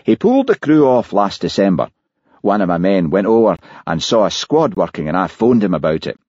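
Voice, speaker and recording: A male narrator voicing a sour, middle-aged builder with a Scottish accent in an audiobook, curt and gruff. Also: sits low, very animated, brisk, darkish tone, dry recording. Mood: grudging. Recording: dull lo-fi audiobook recording.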